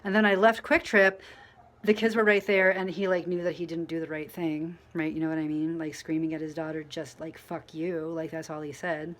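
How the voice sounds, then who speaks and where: A woman vlogging casually to camera, telling a rambling story full of fillers and restarts, mostly quiet and low, getting louder when she acts out what people said. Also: little pitch movement, normal speed. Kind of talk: casual storytelling to camera while dyeing her hair.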